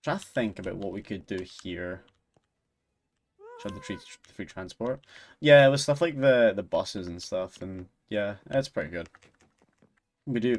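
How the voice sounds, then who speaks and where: A man's voice: lowish voice, a little mellow. A Scottish man chatting casually with his viewers on a game stream, easygoing and self-deprecating, laughing often. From Scotland. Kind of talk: casual game livestream chat.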